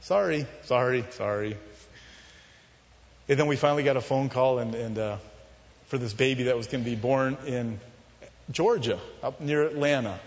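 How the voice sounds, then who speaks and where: A man telling a personal testimony as a sermon, in an earnest, confessional storytelling manner that often drops soft and low. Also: fairly quick. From Southern California. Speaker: preacher telling his testimony. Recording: muffled, with long hall reverb.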